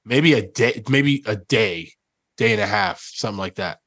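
A man's voice: lowish voice, expressive, normal speed, a bit bright, dry recording, clean studio sound. A man co-hosting a podcast, speaking casually and hesitantly with restarts. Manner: hesitant, restarts before asking. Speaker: podcast co-host. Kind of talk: casual chat.

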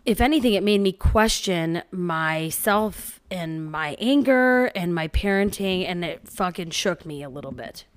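A woman in her thirties, co-hosting a podcast in casual chat, telling stories with lots of swearing and animated retellings. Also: on the low side, a little slow, hardly any pauses, smooth. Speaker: podcast co-host.

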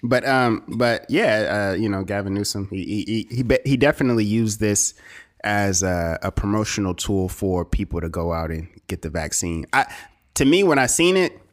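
A man's voice: lowish voice, expressive, normal speed. Laid-back, rambling male podcast co-host. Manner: laid-back, rambling, frequent laughs and fillers. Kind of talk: casual chat.

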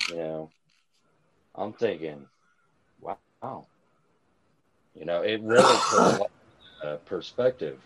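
Man, very deep voice, slow drawl, rambling, swearing, casual chat, dull lo-fi sound. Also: noisy background. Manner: rambling, swears a lot, earnest about aliens. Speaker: guest on a cannabis livestream chat.

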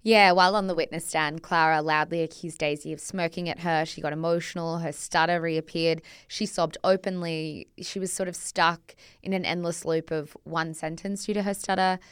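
Smooth-voiced woman podcast co-host. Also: deep voice, steady tone, moderate pace, few pauses, a bit bright, no room sound, studio quality. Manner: conversational, chatty asides with "like". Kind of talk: reading a scripted history story with casual asides.

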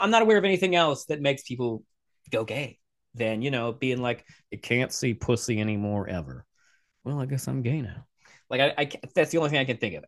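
A young man giving blunt, sarcastic reaction commentary, swearing freely and talking in quick restarts. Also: mid-range voice. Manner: blunt, profane, sarcastic, animated. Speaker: commentator reacting to video clips.

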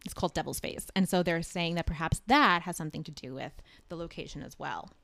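A woman's voice: fairly low pitch, fast, creaky, fairly bright tone. A woman hosting a podcast in a casual, chatty way, explaining things at length. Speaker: podcast host.

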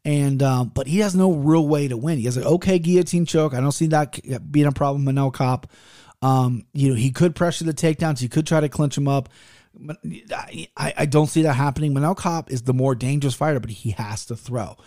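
A man's voice: a little high, fairly quick, warm tone, no echo, clean studio sound. Profane, rambling man giving fight picks. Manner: restless, self-interrupting. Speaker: fight betting pundit. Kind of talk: casual picks monologue.

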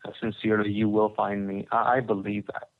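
On a tinny, phone-like line, a man with a lowish, fairly flat voice talks fairly quickly. He's a podcast guest giving conversational testimony about his own story, rambling with lots of restarts and repeated words.

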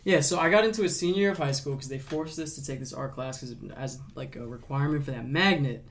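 A man's voice: fairly high pitch, quick pace, slight background noise. Young man chatting casually, swearing a lot. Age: young adult. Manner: casual, swears often, animated storytelling. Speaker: interview guest, artist. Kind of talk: casual chat over a chess game.

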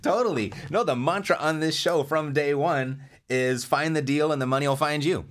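A man's voice: fairly high pitch, a bit bright. A man hosting a podcast who agrees readily with his guest in casual conversation. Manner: agreeable, quick affirmations, laughs along. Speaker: podcast host. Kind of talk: casual interview.

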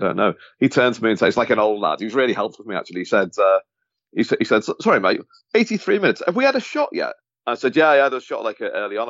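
A man's voice: fairly low pitch, fairly bright tone, dry recording, dull audio. A man who co-hosts a football podcast, telling rambling anecdotes from his time as a sports journalist with lots of restarts. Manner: rambling storyteller with many restarts. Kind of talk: casual chat, anecdote telling.

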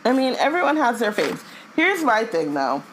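A woman's voice: on the high side, sing-song, moderate pace, slight background noise, rough recording. A woman co-hosting a podcast in casual, enthusiastic chat, often saying "like". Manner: chatty, enthusiastic, uses "like". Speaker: podcast co-host.

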